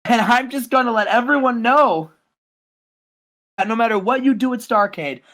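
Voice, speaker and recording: A man's voice: very high voice, moderate pace, fairly bright tone, pitched above the performer's own voice. A podcast co-host voicing a boastful male wrestling champion, delivering an arrogant, gloating promo in his everyday voice.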